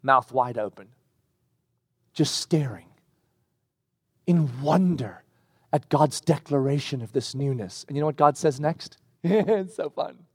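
A man preaching a sermon, animated and emphatic, slowing down to stress key words. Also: medium pitch, husky, dry recording, clean studio sound. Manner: acts out scripture quotes in character voices.

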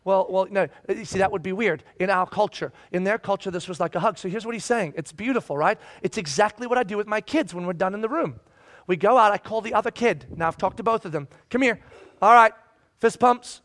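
A man's voice: high voice, fast talker. A man preaching a sermon who talks conversationally and acts out the voices of biblical figures. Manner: conversational, frequent restarts. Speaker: pastor. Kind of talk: expository sermon.

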